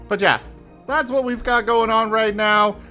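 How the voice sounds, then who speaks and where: A man's voice: sits high, pushed and bright. A young man hosting a live game stream, chatting casually with frequent fillers and laughs. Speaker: streamer host.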